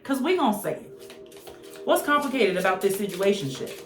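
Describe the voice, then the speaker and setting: A woman reads tarot in a loose, joking way, blunt and full of slang and swearing. Her voice sits at an ordinary pitch and rings a little in a roomy space. Soft music plays faintly underneath. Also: very animated, moderate pace. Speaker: tarot reader. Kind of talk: casual channeled tarot reading.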